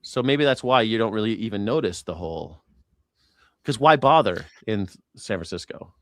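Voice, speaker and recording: A man's voice: on the low side, animated, normal speed, long pauses, dry recording. Man hosting a live stream, casual and profane, jokey, dry close sound. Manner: profane, jokey, mimics accents. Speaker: show host.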